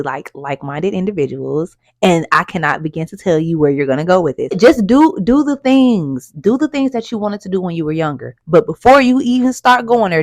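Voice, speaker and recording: A young woman coaching in a casual motivational talk, chatty and affectionate, calling the listener "baby" and swinging from soft, quiet stretches to loud, lively ones. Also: on the low side, dry recording, studio quality. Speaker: life coach.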